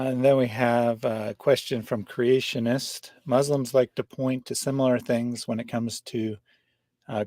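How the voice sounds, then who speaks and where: Host type: a relaxed man reading viewer questions, "uh"s and all, on a dry, close recording. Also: medium pitch, no echo. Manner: casual, relays viewer questions, fillers. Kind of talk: livestream discussion.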